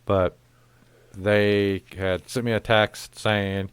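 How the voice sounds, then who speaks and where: Male host, casual profane storyteller, lowish smooth voice. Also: little pitch movement, drawn-out words, no echo. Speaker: podcast host. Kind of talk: casual chat.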